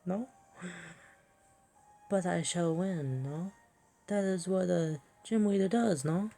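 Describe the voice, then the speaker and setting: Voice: mid-range voice, takes it slowly, creaky, mellow, soft background music, pitched above the performer's own voice. A player putting on a put-on French accent to voice a flamboyant woman gym leader in broken, grandiose English during game commentary.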